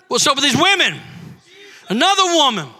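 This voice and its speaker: A man preaching a sermon in a church, fervent and often shouting as he calls out to the congregation. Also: extremely high pitch, wildly swooping pitch, fairly quick.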